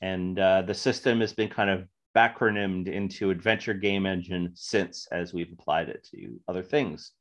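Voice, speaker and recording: A man's voice: sits low, steady tone, moderate pace, few pauses. A man guest on a podcast talks about game design in a casual chat, rambling with lots of fillers. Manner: rambling, full of fillers and likes.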